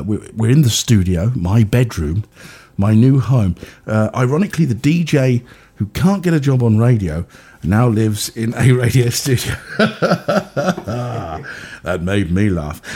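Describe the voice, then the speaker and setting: A man's voice: fairly low pitch, darkish tone, breathy edge. A man hosting a homemade comedy show from his bedroom studio, rambling through jokes with lots of ums and asides. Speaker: DJ and podcast host. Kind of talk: rambling comic monologue.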